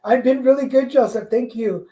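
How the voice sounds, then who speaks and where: A woman with a slight Mexican accent, hosting a livestream tarot show and chatting casually and excitedly to viewers, often restarting her sentences. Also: a little high, normal speed, low-quality recording. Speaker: livestream tarot reader host. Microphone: corded mic.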